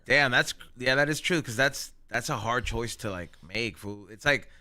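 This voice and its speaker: A man hosting a casual podcast, talking in slangy, excitable bursts and laughing often. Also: mid-range voice, moderate pace. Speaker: podcast host.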